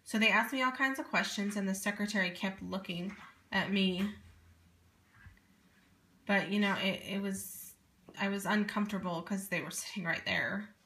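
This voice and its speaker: Woman, 30s, bright voice, earnest and animated telling her own story, roomy echo. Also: mid-range voice, moderate pace, pauses often. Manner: earnest, animated, many asides. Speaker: parent telling a personal story. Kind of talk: casual first-person storytelling. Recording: echoey room.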